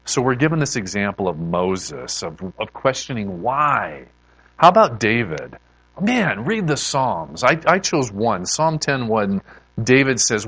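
Animated conversational preacher man. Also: medium pitch, measured pace, dry recording, poor audio. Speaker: pastor. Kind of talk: sermon.

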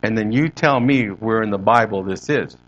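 A man's voice: on the low side, moderate pace, dull audio. Storytelling male pastor preaching. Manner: conversational storytelling to a congregation. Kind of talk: sermon.

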